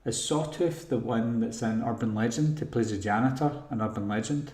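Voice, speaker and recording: A man's voice: medium pitch, normal speed, darkish tone. A Scottish man hosting a live-stream Q&A, reading chat comments aloud and rambling as he thinks. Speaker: host. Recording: roomy echo.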